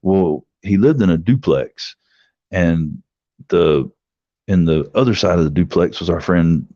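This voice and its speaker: A man's voice: animated, measured pace, dark tone, dry recording. A middle-aged man telling a long, profane story casually, acting out the quoted lines. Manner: rambling, profane, acts out quotes with raised pitch. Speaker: livestream host telling a story. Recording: dry, slightly dull lo-fi sound.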